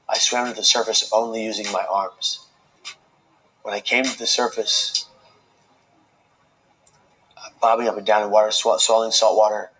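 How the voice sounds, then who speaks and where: A man telling his own life story as a speaker, earnest and slow, with dramatic pauses. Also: fairly low pitch, a bit bright, low-quality recording. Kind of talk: emotional personal storytelling speech.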